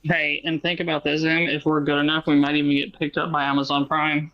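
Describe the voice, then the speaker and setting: A man's voice: a little high, level tone, fairly quick, lo-fi sound, background noise. A man with a slight Southern American accent, chatting with friends over voice chat in a rambling way, full of fillers. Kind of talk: casual chat.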